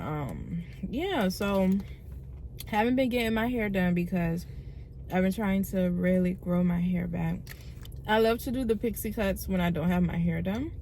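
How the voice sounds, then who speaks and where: A woman's voice: lowish voice, dark tone, slight background noise. A young woman talking casually and candidly to camera in a vlog, chatty and open. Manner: chatty, candid, says like a lot. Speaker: vlogger.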